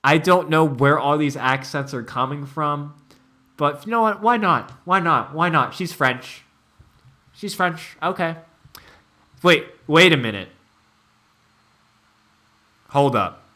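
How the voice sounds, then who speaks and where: A man's voice: fairly high pitch, animated, takes it slowly, long pauses, pushed and bright. A man streaming a casual reaction to an anime, laughing, incredulous and profane.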